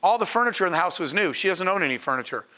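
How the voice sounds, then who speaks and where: A man's voice: high-pitched, lively intonation, very fast, bright, forceful tone. A man, a startup founder, telling a story to an audience in an earnest, conversational way with asides to the crowd. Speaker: startup founder speaking on a panel.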